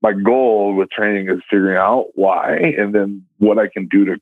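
A man's voice: lowish voice, fairly even intonation, moderate pace, dry recording, phone-quality sound. A man co-hosting a casual chat, talking loosely and throwing in lots of "like" and "dude". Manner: laid-back, peppered with "like" and "dude". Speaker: podcast co-host.

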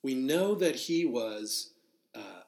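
A pastor teaches the Bible verse by verse, conversational and unscripted, often restarting sentences, using fillers and spelling out Greek words, live to listeners. His mid-range voice is slow and a little mellow, with big pitch swings and vocal fry. The room is echoey.

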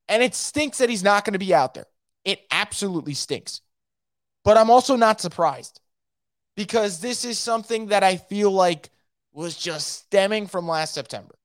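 A man's voice: high voice, dry recording. Man, solo sports podcast host, opinionated and emphatic, dry close sound.

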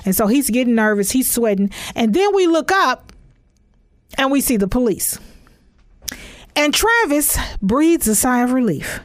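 A woman from Texas, telling a comic story in an animated, sassy way. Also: sits high, unhurried, pauses often, no room sound, clean studio sound. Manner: animated, emphatic, sassy asides. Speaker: comedian.

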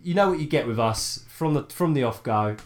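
A man's voice: mid-range voice, lively intonation, brisk. A man co-hosting a gaming podcast in loose, joking banter. He laughs easily and reads listener mail aloud in a mid-range voice. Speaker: podcast co-host. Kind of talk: casual banter.

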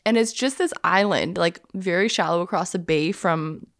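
A woman's voice: on the low side, normal speed, no echo, studio quality. A woman co-hosting a podcast, telling travel stories in casual chat and laughing often. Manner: chatty storyteller, laughs often. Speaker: podcast co-host.

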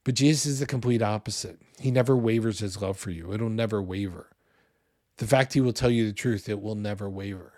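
A man in his forties preaching a sermon in a conversational, animated way, with loud bursts when he acts out what people say. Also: lowish voice, brisk, dry recording, clean studio sound. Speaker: pastor.

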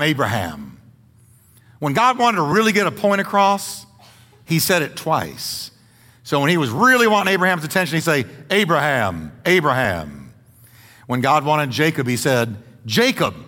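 A man's voice: fairly high pitch, pushed and bright, in a large hall. A man preaching a sermon as pastor, stressing points by repeating words and joking with the congregation in a church. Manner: folksy humor with the congregation. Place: church sanctuary.

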